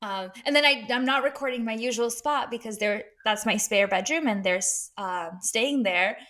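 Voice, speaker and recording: A woman's voice: a little high, normal speed, pushed and bright. A woman co-hosting a podcast from her dining room at home, chatting casually with many fillers and frequent laughter. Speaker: podcast co-host. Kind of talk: casual chat.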